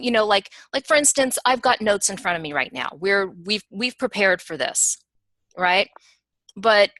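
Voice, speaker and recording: A woman's voice: mid-range voice, dry recording. A woman teacher giving an informal webinar lesson, speaking in a punchy, emphatic way and chatting directly to her listeners. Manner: chatty and animated, addressing listeners as "you guys". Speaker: teacher and professional analyst.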